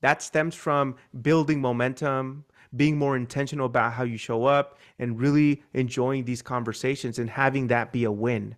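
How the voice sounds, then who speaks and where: A man's voice: medium pitch, steady tone, moderate pace, hardly any pauses. A man coaching sales in an online training, talking energetically and acting out sample dialogue from calls.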